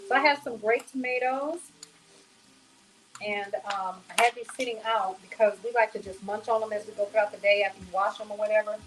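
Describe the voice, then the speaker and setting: In her home kitchen, a woman gives a casual cooking demonstration in a mid-range, fairly bright voice with fairly even intonation, talking fairly quickly. Chatty and folksy, she calls viewers y'all and honey. The rough recording has slight background noise.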